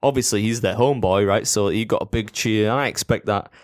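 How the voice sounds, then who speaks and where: Fast, blunt Yorkshire man. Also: fairly low pitch, dry recording, studio quality. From England. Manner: blunt, swears freely, banter. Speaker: podcast co-host, competitive eater. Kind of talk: casual chat.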